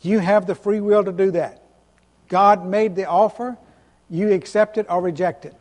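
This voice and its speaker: A man's voice: sits high, fairly even intonation, normal speed, a little mellow. A man preaching a sermon as pastor, earnest and emphatic, repeating key phrases and restarting sentences. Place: church sanctuary. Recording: long reverb of a church hall.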